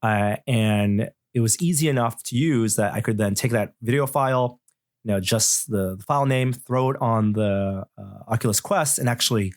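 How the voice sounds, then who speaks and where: A man's voice: mid-range voice, moderate pace, no echo, clean studio sound. A middle-aged man, a tech journalist guesting on a podcast, talking thoughtfully and rambling with many restarts. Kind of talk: casual podcast chat.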